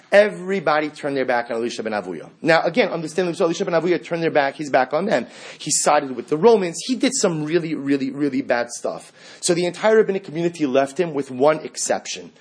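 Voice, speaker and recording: A man's voice: on the high side, fast talker, slightly rough. A man teaching a Talmud class, acting out the dialogue and building to emphatic peaks. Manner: animated, acts out dialogue, rises to emphatic peaks.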